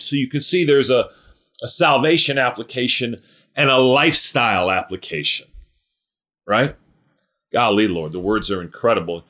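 A man delivers a sermon in an earnest, emphatic voice. He asks rhetorical questions, repeats phrases and often restarts mid-sentence. His pitch rises sharply on the words he stresses. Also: fairly bright tone. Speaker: preacher.

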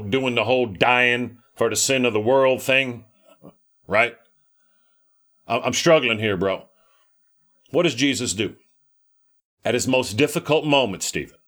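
A man's voice: mid-range voice, fairly bright tone. A man preaching an informal sermon in a conversational way, often repeating words and checking in with his listeners.

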